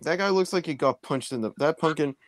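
A man's voice: on the high side, fairly quick, no room sound. A man co-hosting a live stream in casual chat, laid-back and laughing often. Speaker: stream co-host.

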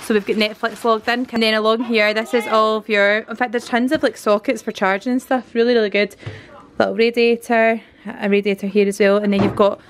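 A woman's voice: fairly high pitch, flat delivery, fairly quick. A Scottish woman in her thirties giving a chatty, enthusiastic walkthrough tour of a converted canal barge as a family vlogger, filled with "like".

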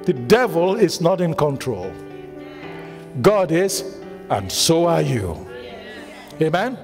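High-voiced pastor preaching in a hall. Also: male voice, big pitch swings, takes it slowly, creaky, faint music behind. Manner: call-and-response preaching, quizzing the congregation; emphatic repetition, bursts of shouting. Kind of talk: sermon. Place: church hall. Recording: long hall reverb.

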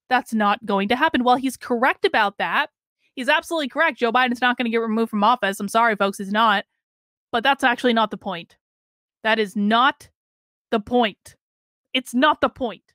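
An exasperated woman rants through political commentary in a fairly high voice. She hammers her points hard and slips into mocking sing-song quotes. The sound is close and dry, with no room around it. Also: fairly bright tone, dry recording.

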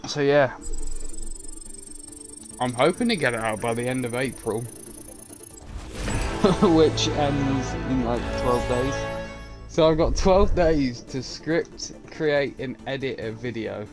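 A man's voice: mid-range voice, slow pace, long pauses, music in the background. Chatty man streaming a game. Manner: rambling, chatty, chuckles between thoughts. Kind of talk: casual gaming stream chat.

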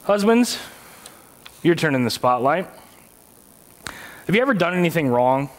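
A man with a notably high voice delivers a sermon in a church. He keeps it conversational, joking with his listeners and putting rhetorical questions to them. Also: big pitch swings, measured pace, long pauses. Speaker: pastor.

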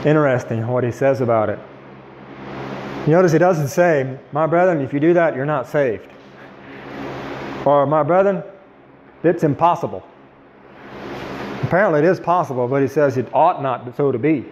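A man leading an informal Bible study, chatting with the group and slowing down to quote scripture. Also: fairly high pitch, a little mellow, dull audio, a little hiss or hum. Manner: conversational, quoting scripture slowly.

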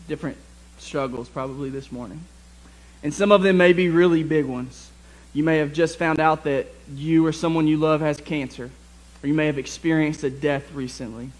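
A man preaching a lively sermon to his church congregation, joking with the crowd and reading scripture aloud. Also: fairly high pitch, poor audio. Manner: energetic, jokey, speaks to the congregation. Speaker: pastor. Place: church sanctuary.

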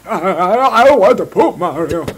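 A man voicing two bickering cartoonish adult male plumber brothers in a high, yelping, nasal put-on voice. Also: expressive, moderate pace, slight background noise. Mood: whiny bickering. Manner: bickering and whiny.

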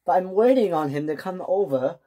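A woman voicing a boastful, excitable young male toy tank engine in a homemade storybook tale. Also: lowish voice, brisk. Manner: excitable, bragging, stammers when thrilled.

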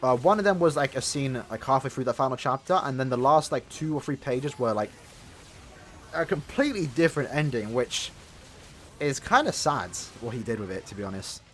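Playing a mobile game for his gaming channel, a young-sounding man with a sore throat rambles chattily, filling his talk with fillers. His mid-range voice is expressive and brisk.

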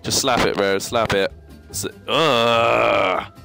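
Excitable young man ranting over gameplay. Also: fairly quick, soft background music. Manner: excitable, ranting, with sudden high yelps and stammering restarts. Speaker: gaming YouTuber. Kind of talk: casual gameplay commentary.

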